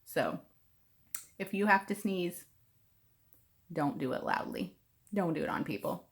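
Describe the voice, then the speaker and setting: A woman reading a picture book aloud for preschoolers in an expressive, sing-song way. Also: fairly low pitch, a little slow. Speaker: preschool storytime reader.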